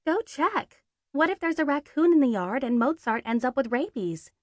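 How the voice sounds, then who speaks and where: A woman voicing a fussy young woman in an audiobook, with a high, pleading voice. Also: expressive, moderate pace, darkish tone, dry recording, clean studio sound. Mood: whiny worried. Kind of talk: audiobook character voice.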